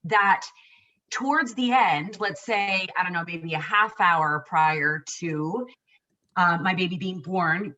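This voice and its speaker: A woman's voice: on the low side, unhurried, bright, forceful tone, recorded from a distance, muffled recording. A woman in her forties telling her own birth story in casual chat, emotional and rambling with many restarts.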